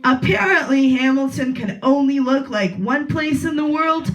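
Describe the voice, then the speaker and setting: A woman in her late twenties works through a stand-up set at an open mic, deadpan and rambling. She leans on uhs and ums between jokes. Her voice bounces around an echoey small room. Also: sits high, normal speed. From Russia. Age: 20s. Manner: deadpan, rambling with filler words. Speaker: stand-up comedian.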